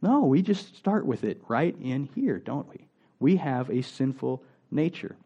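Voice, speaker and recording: A man's voice: medium pitch, very animated, unhurried, breathy edge, lo-fi sound. A male pastor preaching a sermon in a conversational way, asking the congregation rhetorical questions.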